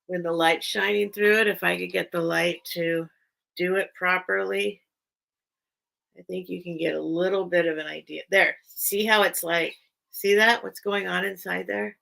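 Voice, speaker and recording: A woman's voice: fairly low pitch, steady tone, normal speed, creaky, a bit bright, low-quality recording. A woman hosting a casual live sale stream, chatting in a rambling, enthusiastic way. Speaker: online sale host. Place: at home among her collection.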